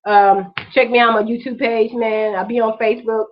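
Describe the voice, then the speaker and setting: A woman's voice: on the high side, little pitch movement, a little fast, muffled recording. A woman hosting her own vlog, ranting with raw emotion, profane and repetitive, while holding back tears. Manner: profane, repetitive, impassioned street-talk rant. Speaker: vlog host.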